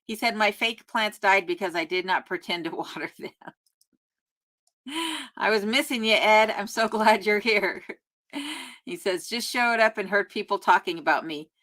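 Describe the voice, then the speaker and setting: A woman's voice: mid-range voice, normal speed, pauses often, a bit bright. A woman hosting a casual live stream from her remote home, reading viewer comments aloud and chatting back in a friendly way with frequent laughs and ums. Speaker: YouTube host answering live chat.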